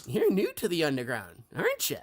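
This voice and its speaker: A woman voicing a sweet-talking little male flower who acts falsely friendly, in a singsong, drawn-out manner. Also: deep voice, huge pitch swings, heavily acted. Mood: chirpy.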